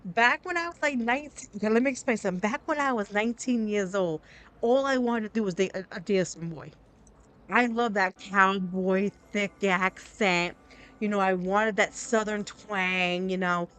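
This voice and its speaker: A chatty streamer, a woman whose voice sits at an ordinary middle pitch. She talks to her chat in a loose, candid ramble, circling back and restarting her thoughts as she plays. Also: moderate pace, a bit bright. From New Jersey. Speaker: game streamer. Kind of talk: casual live-stream chat.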